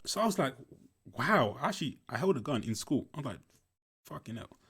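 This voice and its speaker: A man's voice: mid-range voice, big pitch swings, normal speed, a bit bright, slightly rough. A young man, telling a school story casually while commenting on a film, swearing often and repeating himself. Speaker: movie reaction commentator.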